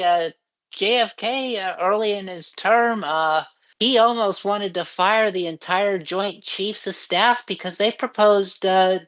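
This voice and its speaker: A woman chatting casually as a co-host, with dry, deadpan humor and stumbling restarts. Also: mid-range voice, rough recording. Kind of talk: casual chat.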